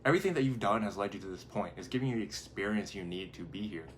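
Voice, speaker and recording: A man's voice: fairly low pitch, animated, fast talker, a little hiss or hum. A man, a life coach hosting his own channel, talking casually and rambling a little as he acts out his own thoughts. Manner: conversational, rambling, acts out inner thoughts in quotes. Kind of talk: casual motivational talk to camera.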